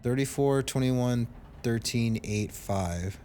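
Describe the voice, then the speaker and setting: A man streaming a video game, reading its text aloud and chatting casually, with quick, frustrated reactions. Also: medium pitch, mellow, a little hiss or hum.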